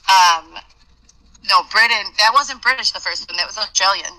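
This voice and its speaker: A woman's voice: mid-range voice, pushed and bright, poor audio. A woman fitness influencer talking casually to her camera, meandering with many "um"s and "you know"s. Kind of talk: casual vlog talk.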